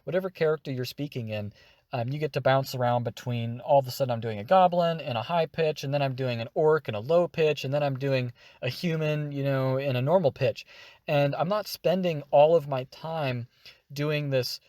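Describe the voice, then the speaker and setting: A man explaining voice acting techniques in an energetic, demonstrative tutorial. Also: medium pitch, moderate pace, no room sound, clean studio sound. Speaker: voice acting teacher.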